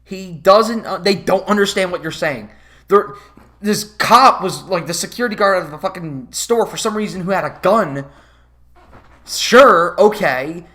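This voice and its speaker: A man's voice: high-pitched, lively intonation, a little slow, sharp tone. A man giving a profane, sarcastic commentary rant about a movie, sounding exasperated. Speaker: movie reviewer.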